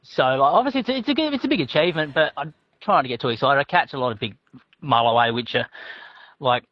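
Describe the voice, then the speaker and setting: A man's voice: animated, quick pace, dry recording, lo-fi sound. A man from South Australia with an Australian accent, a guest talking hesitantly with many fillers. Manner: low-key, hesitant, fillers like "like". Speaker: record-setting angler guest. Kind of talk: phone interview.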